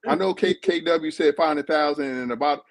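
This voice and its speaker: A man's voice: on the high side, normal speed, no echo, low-quality recording. A man hosting a casual live-stream chat, talking emphatically and repeating words as he stumbles over his thoughts. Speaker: host reviewing a reality show.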